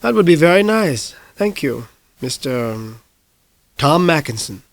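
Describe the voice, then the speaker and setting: A man's voice: on the high side, sing-song, measured pace, creaky, dry recording, exaggerated voice. A man reading an audiobook, voicing a courteous older man in his sixties with a foreign accent. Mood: polite. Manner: courteous, formal.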